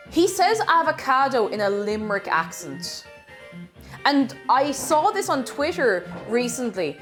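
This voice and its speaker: Woman, cooking streamer, chatty and laughing, lively higher voice. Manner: chatty, reads chat aloud, laughs often. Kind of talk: casual live-stream chat while cooking.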